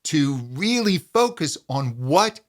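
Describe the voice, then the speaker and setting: Man, vocal coach, voice lesson, calm demonstrating manner, fairly high voice, slow delivery. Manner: calm, demonstrating hums and pitch slides.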